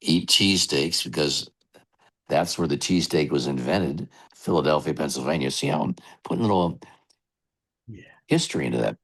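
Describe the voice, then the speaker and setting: A middle-aged man, a radio DJ, telling long rambling stories in an interview with relaxed asides. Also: a bass voice, moderate pace, gravelly, husky. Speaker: radio DJ guest. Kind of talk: storytelling interview.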